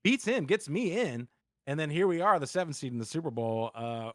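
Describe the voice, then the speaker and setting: A man's voice: a little high, expressive, a little fast, no room sound, clean studio sound. A man giving a casual post-game interview over voice chat, rambling and upbeat with lots of fillers.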